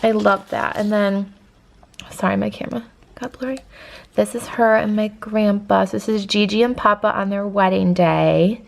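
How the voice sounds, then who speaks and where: A woman's voice: medium pitch, steady tone, moderate pace, vocal fry. A young woman vlogging casually to camera from home, chatty and full of "like" fillers, teary as she talks. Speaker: lifestyle vlogger. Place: at home indoors.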